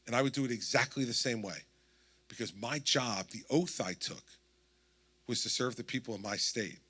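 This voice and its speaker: In this anecdotal campaign speech, a man in his sixties with a New Jersey accent tells a town hall crowd a long story, acting out each quoted line. He speaks at a moderate pace in a bright, forward, slightly rough voice of plain middle pitch.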